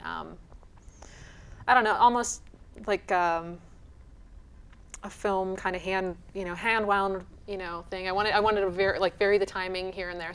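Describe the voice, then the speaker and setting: A woman director answering interview questions, self-deprecating and halting with fillers. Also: on the low side, a bit bright, a little hiss or hum.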